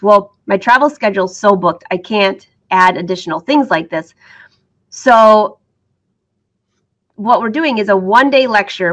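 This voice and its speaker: A woman's voice: mid-range voice, fairly bright tone. A middle-aged woman who teaches sewing, chatting upbeat to her viewers, laughing often and fighting the hiccups. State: has the hiccups. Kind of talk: casual chat to viewers.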